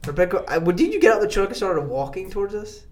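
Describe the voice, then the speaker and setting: Young man, slightly high voice, excitable storyteller, laughing. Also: quick pace, crowd noise. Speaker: work crew member. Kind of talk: casual chat.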